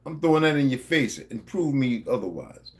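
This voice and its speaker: A man's voice: mid-range voice, big pitch swings, normal speed, a little mellow, breathy edge. A middle-aged man with a New Jersey accent, talking to his subscribers in a rambling, profane, confrontational monologue. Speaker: vlogger.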